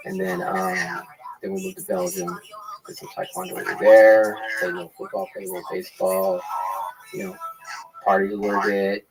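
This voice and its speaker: A man's voice: deep voice, gravelly, poor audio. A man telling stories from his childhood in a casual interview, rambling and loose, filling his talk with "man" and "you know.". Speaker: interview guest. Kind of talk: casual storytelling.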